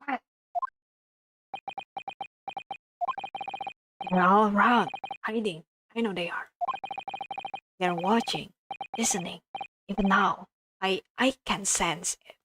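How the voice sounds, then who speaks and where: A woman's voice: mid-range voice, measured pace, long pauses, noisy background, lightly acted. A woman voicing a paranoid, theatrical young male student poet who speaks in melodramatic, alliterative outbursts, over game music.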